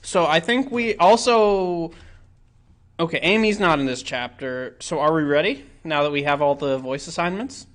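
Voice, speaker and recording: A man hosting a live stream, reading a fan story aloud in a deadpan, casual way. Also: on the high side, moderate pace. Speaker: host and narrator.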